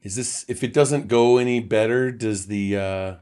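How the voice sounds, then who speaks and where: Animated man telling a comic story. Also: medium pitch, normal speed, smooth. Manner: animated, builds into exasperated rants. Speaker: podcast guest. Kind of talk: casual chat, comedic storytelling.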